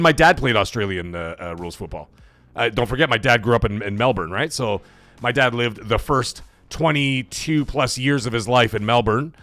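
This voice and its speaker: A man's voice: medium pitch, no room sound. A man hosting a gaming livestream, energetically reading out and reacting to chat messages. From Canada. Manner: energetic, hyped, reads chat messages aloud. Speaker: livestream host.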